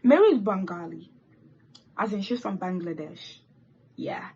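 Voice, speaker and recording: A teenage girl telling a rambling, animated story while doing her makeup, with swearing and asides. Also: medium pitch, a little slow, highs cut off, slight background noise. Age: teens. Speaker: vlogger. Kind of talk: chatty get-ready-with-me story time.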